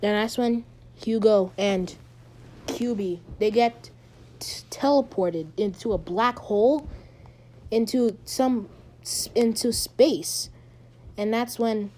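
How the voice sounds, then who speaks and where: A woman casually retelling a fan-made story, rambling and halting with many ums and restarts. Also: on the high side, a little mellow.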